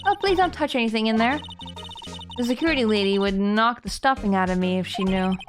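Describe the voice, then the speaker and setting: A woman streaming a game live, chatting and reading its dialogue aloud with giggles and loud excited outbursts. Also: a little high, brisk, music in the background.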